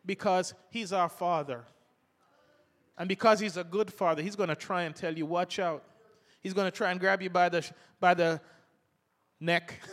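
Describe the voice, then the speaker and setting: A man's voice: high-pitched, fairly bright tone, long reverb tail. An older man preaching a sermon, reading scripture aloud between homely stories.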